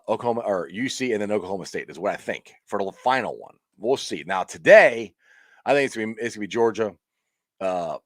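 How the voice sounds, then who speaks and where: A man hosting a casual live-stream sports chat. He rambles in an excitable way, with frequent restarts and laughs. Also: low-pitched, no echo, clean studio sound. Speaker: sports talk show host.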